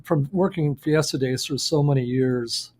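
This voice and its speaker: A man's voice: medium pitch, normal speed, a little mellow. A man co-hosting a podcast, chiming in with brief comments in casual chat. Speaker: podcast co-host.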